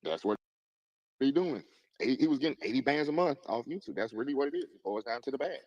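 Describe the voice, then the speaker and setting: Guy rambling fast through a story on a voice chat, kinda defensive, dry sound. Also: medium pitch, animated, a little mellow, no echo, dull audio. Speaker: chat participant.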